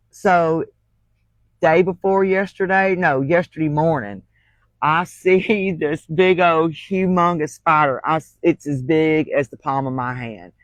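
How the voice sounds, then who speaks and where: A woman's voice: low voice, takes it slowly, no echo, low-quality recording. A woman, hosting a crafting livestream and telling folksy stories with frequent laughter. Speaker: crafting channel host. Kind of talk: casual livestream storytelling.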